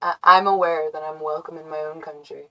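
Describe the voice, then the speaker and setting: An American woman hosting a livestream, chatting to her viewers in a rambling, halting way that keeps correcting itself and breaks into giggles. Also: sits low, steady tone, a bit bright, rough recording. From United States. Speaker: livestream host. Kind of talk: casual stream chat to viewers.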